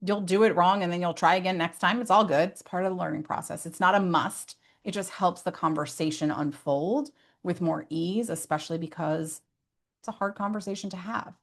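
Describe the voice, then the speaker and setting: A woman's voice: fairly low pitch, fairly quick. A woman giving parenting advice in an earnest, conversational way, often adding "like" and "right?" as asides. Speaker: behavior specialist.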